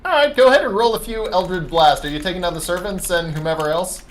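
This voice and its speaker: A man's voice: high voice, fast talker, slight background noise. Man running a tabletop game. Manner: loose, filler-heavy narration. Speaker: dungeon master.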